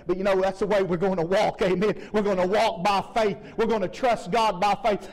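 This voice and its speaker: A man preaching a fervent sermon, shouting in bursts and calling out to the congregation. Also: sits high, fairly even intonation, fairly quick, few pauses, rough recording. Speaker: pastor.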